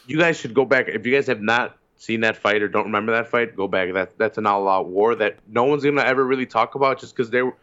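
A man co-hosting a casual fight-sports podcast, talking excitedly and swearing casually. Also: on the low side, quick pace, few pauses. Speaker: podcast co-host. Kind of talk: casual chat. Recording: slightly dull lo-fi sound.

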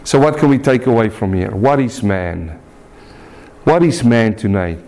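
A man from South Africa preaching a sermon, earnest and deliberate, rising to high shouts when telling a story. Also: expressive.

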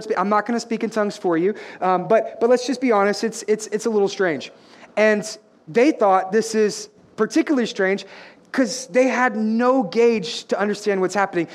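A man with a high voice preaches a Pentecostal sermon. He trades jokes with the congregation, then climbs into loud, yelling proclamation. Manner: dynamic preaching, builds from conversational asides to shouting; jokey, playful with the congregation. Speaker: pastor.

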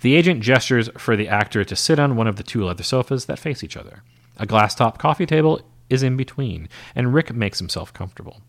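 A man's voice: mid-range voice, lively intonation, brisk. Man steadily reading a story. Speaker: narrator. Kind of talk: reading a novel aloud.

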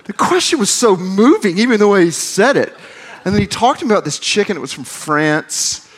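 A man's voice: sits high, very animated, moderate pace. A man in his forties from the American South, a campus minister preaching a conversational sermon with self-deprecating humor. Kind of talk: sermon with storytelling.

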